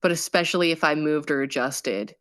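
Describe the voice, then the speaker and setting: A woman telling her own story in a casual, halting way, with many fillers. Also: sits low, expressive, a bit bright. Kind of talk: personal testimony.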